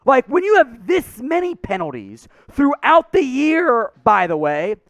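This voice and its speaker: A man hosting a sports show, ranting in frustration, his voice going hoarse. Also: very high-pitched, wildly swooping pitch, a little slow, fairly bright tone, no room sound. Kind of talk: fired-up sports commentary.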